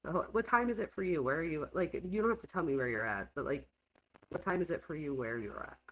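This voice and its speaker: A woman's voice: low-pitched, animated, fast, fairly bright tone, low-quality recording. A woman hosting a true crime livestream, chatting casually and reacting with exclamations. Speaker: true crime show host.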